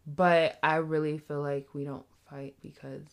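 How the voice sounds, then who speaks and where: Podcast co-host, woman, lower voice, lively storytelling, mimics her partner. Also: a little slow. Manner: animated, acts out her partner's voice. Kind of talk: casual couples chat.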